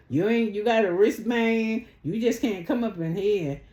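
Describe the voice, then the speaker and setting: A woman's voice: mid-range voice, animated, normal speed, hardly any pauses, warm tone. A woman recaps reality TV in loose, profane chat, blunt and sassy in her judgments. Her mid-range voice rings around a bare, echoey room.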